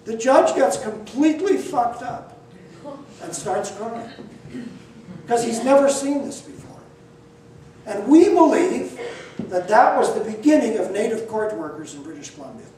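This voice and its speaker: An older man telling a story to an audience in an animated, blunt and wry way, acting out the dialogue. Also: very high-pitched, unhurried, pauses often. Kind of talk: lively spoken storytelling. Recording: very echoey, mic far off, faint ambience.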